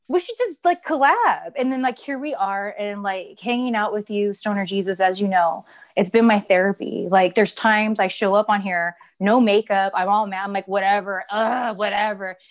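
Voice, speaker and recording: A woman in her thirties, a former wrestler co-hosting a live stream, talking in a rambling, chatty way with frequent laughs and swearing. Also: mid-range voice. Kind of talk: casual live-stream chat.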